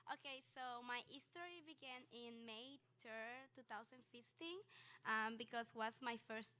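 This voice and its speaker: A young woman whose first language is Spanish, with a Spanish accent, telling a personal story on stage in a halting way with many fillers. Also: fairly high pitch, sharp tone. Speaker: student storyteller.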